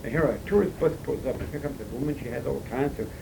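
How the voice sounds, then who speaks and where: A man's voice: mid-range voice, fast, vocal fry, background noise. A man from Pennsylvania with a Pennsylvania German accent, telling stories in a casual chat with many restarts and repeated words. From Pennsylvania, USA. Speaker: dialect poet telling stories. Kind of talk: casual storytelling.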